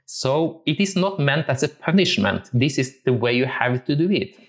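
A man's voice: mid-range voice, lively intonation, normal speed. A man from Norway, a music teacher giving a thoughtful talk and often searching for his words. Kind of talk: reflective talk on musical interpretation.

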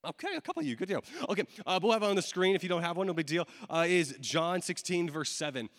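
A man's voice: high-pitched, fairly even intonation, fast, fairly bright tone. Casual preaching man in an echoey hall. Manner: casual, conversational preaching with many fillers. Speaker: pastor. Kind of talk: sermon. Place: church hall with audience. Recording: long hall reverb.

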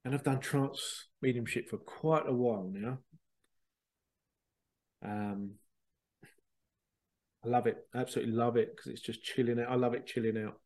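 A man, a spiritual medium hosting a show, telling stories in a chatty, animated way with laughter and the odd swear. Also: medium pitch, moderate pace, long pauses. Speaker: spiritual medium and podcast host. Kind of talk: casual storytelling.

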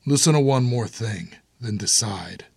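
A grim, blunt hardened brother speaks in a low, husky voice, as an audiobook narrator puts him on. He talks with quiet urgency. The sound is dry and close. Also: animated, measured pace, no echo, exaggerated voice.

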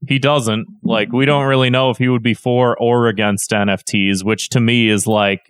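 A man's voice: mid-range voice, fairly even intonation, moderate pace, clear, resonant tone, no room sound, clean studio sound. Rambling, hesitant podcast man. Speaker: podcast co-host. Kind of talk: casual chat.

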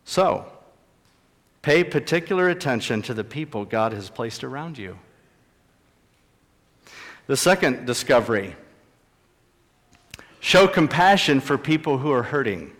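A pastor preaching a sermon, emphatic and repeating key phrases for stress. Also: male voice, medium pitch. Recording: long reverb in a large hall.

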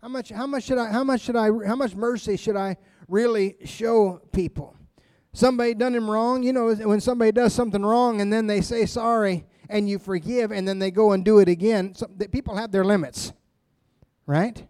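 A man's voice: sits high, steady tone, moderate pace, a little mellow, smooth, no room sound, clean studio sound. A man giving a sermon as a pastor, speaking in an emphatic, conversational way and often repeating phrases.

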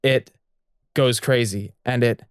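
A man's voice: medium pitch, fairly even intonation, takes it slowly, smooth, dry recording. Jokey male storyteller, dry close sound. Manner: jokey, laughs often, stammering restarts. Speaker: co-narrator of a story podcast. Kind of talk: improvised storytelling.

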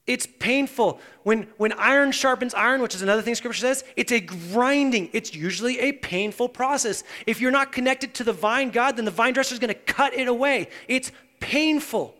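A male pastor with a high, light voice delivers a sermon. His sound rings with the long reverb of a church sanctuary. He drops to hushed intensity, then rises to loud, animated emphasis. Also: a little fast, few pauses.

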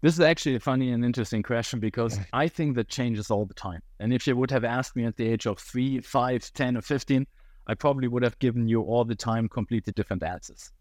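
A German man in his thirties talks in a relaxed, reflective way, his English carrying a faint Cork lilt. His voice sits at an ordinary middle pitch. The sound is dry and close, with no room around it. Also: quick pace, dry recording. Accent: German, with a touch of Cork Irish. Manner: relaxed and reflective, slightly non-native phrasing. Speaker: podcast guest. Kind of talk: casual interview talk.

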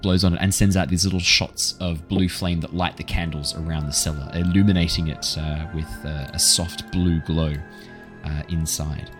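A man narrating as dungeon master in a measured, descriptive way. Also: low voice, little pitch movement, soft background music. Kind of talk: narrating a tabletop game.

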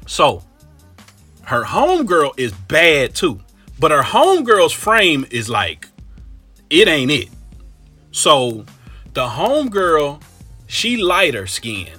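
Husky man from Ohio telling a comic story, forceful, slangy, lively delivery. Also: on the high side, takes it slowly, long pauses, soft background music. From Cincinnati, Ohio. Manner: animated, slangy and profane.

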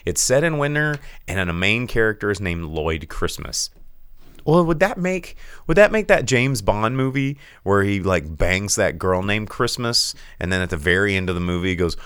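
A man co-hosting a casual live-streamed show, reading viewer chat and breaking into silly high cartoon voices. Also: animated, moderate pace, a bit bright, smooth, no echo. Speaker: podcast co-host reading Twitch chat.

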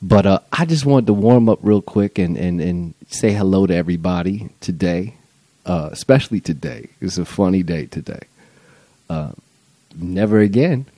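A man's voice: low-pitched, moderate pace, warm tone, dry recording. A man hosting his own podcast, talking in a loose, rambling and profane comedic monologue. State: high on mushrooms. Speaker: podcast host.

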